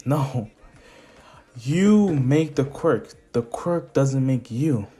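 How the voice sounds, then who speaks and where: This is a man doing an earnest young male hero who speaks slowly and reassuringly. His voice stays ordinary and mid-pitched, close to the speaker's own, with no hint of a put-on. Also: expressive, mellow, slightly rough, soft background music, full character voice.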